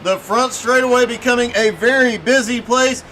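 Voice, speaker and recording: A man doing brisk play-by-play commentary on a sim race, with a voice he says is giving out. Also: very high voice, bright, forceful tone, a little hiss or hum. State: losing his voice.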